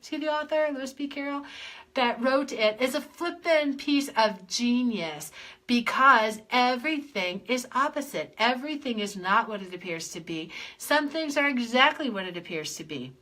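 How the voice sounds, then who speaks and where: A woman life coach hosting a live clearing session, playing with her voice as she swoops high and low through repeated chant-like phrases. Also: expressive, normal speed, a bit bright. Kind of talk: guided clearing session on a livestream.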